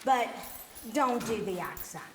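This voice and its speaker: A woman drama teacher gives students motherly audition advice in a fairly high voice. The room echoes around her, with faint hiss behind. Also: lively intonation, a little slow. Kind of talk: theatre workshop instruction. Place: echoey rehearsal room with a group. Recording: roomy echo, faint hiss.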